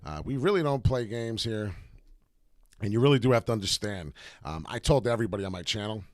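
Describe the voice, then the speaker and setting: A man's voice: on the low side, a little fast, no echo, clean studio sound. A man hosting a live crypto market stream, brash and hype-driven, swearing casually as he talks. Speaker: crypto livestream host.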